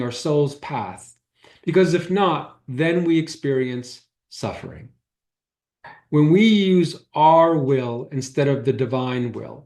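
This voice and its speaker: A man's voice: a little high, darkish tone. Man giving a spiritual talk, roomy sound. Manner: conversational storyteller who acts out quoted dialogue. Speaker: holistic healer giving a talk. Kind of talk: spiritual talk told through personal stories. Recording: roomy echo.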